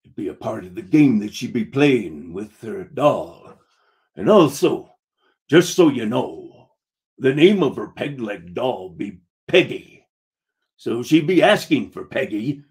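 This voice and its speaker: A man voicing a gruff pirate who has gone soft, growling "ar" in a low, hushed pirate drawl. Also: sing-song, slow pace.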